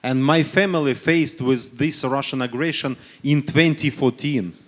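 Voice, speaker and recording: A man from Ukraine, speaking on a forum panel in halting English, full of fillers and self-corrections, pressing his case with earnest rhetorical questions. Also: mid-range voice. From Donetsk region, Ukraine. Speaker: panelist, human rights official. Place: conference panel stage.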